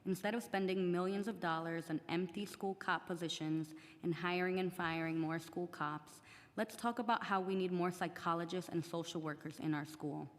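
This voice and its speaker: Reading prepared testimony aloud at a public hearing, a teenage student speaks earnestly in English, which is not her first language. Her fairly low voice keeps a fairly even intonation at normal speed, echoing with the long reverb of a large council chamber.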